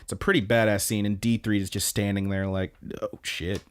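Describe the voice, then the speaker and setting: Male podcast co-host, lowish voice, loose rambling recap style. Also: little pitch movement, fast, clean tone. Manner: rambling retelling with fillers and quoted lines. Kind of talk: casual chat recapping an anime.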